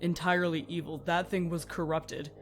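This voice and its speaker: A woman's voice: on the low side, flat delivery, normal speed, soft background music, lightly acted. A woman playing an earnest adventurer who consoles a friend, repeating herself apologetically. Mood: consoling.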